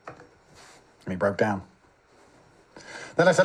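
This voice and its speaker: A man's voice: animated, normal speed, long pauses, husky. A man being interviewed, telling a mocking story in a theatrical way. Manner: mocking, theatrical, swings in pitch. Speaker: interview guest. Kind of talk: animated storytelling.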